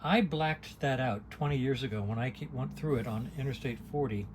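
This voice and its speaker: A man's voice: medium pitch, fairly quick, background noise. Rambling older man in an RV. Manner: folksy and digressive, with frequent restarts and wry asides. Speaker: vlogger on an RV trip. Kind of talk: casual rambling vlog. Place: inside an RV. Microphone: handheld camera.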